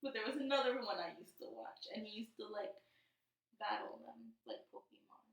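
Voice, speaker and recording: A young woman co-hosting a podcast in casual chat, talkative, with quick asides and frequent laughter. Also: medium pitch, big pitch swings, vocal fry, echoey room, far from the mic, rough recording. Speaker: podcast co-host.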